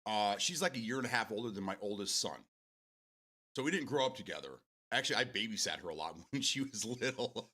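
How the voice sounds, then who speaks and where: A man's voice: fairly low pitch, expressive, a little fast, pushed and bright. A man hosting a live stream, chatting casually with his viewers, swearing freely and drifting off on tangents. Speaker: livestream host.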